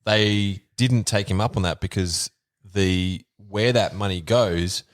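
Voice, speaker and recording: A man's voice: fairly low pitch, slow, no echo, studio quality. A man co-hosting a casual podcast, telling stories in a loose, rambling way full of ums.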